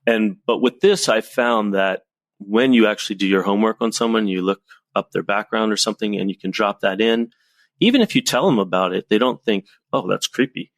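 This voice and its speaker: A man coaching on presentations, telling lively anecdotes as a podcast guest. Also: fairly low pitch, a little fast, dry recording. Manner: lively storyteller, animated anecdotes. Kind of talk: casual podcast conversation.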